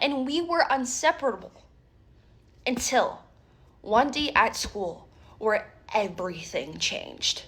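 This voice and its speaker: A woman telling a personal story in a storytime vlog, dramatic, speeding up and slowing down, dropping almost to a whisper. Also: fairly high pitch, fairly bright tone, breathy edge. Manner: dramatic, swings between fast and slow, drops to near-whispers.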